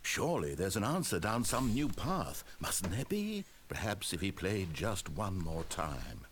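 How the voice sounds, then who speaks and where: A man's voice: low voice, huge pitch swings, measured pace, slight background noise, exaggerated voice. A man voicing a dry, teasing game narrator who addresses the player directly. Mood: teasing narration. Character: wry, mocking male storybook narrator of a game. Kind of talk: scripted narration.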